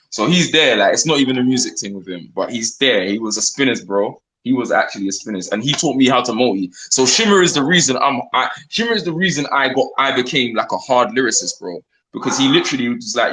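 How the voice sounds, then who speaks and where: A man's voice: medium pitch, background noise. A man with a London accent, a grime MC telling stories in a casual interview, slangy and quoting conversations. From England. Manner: slangy, quick, retells talks in quoted bits. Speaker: grime MC guest.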